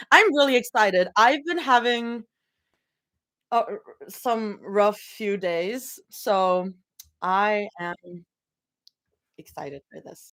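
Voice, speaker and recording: A young woman chatting casually on a livestream from her bedroom before reading fan fiction, rambling, giggling often and breaking into excited yelling. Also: medium pitch, slow pace, long pauses. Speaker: fanfic livestream reader.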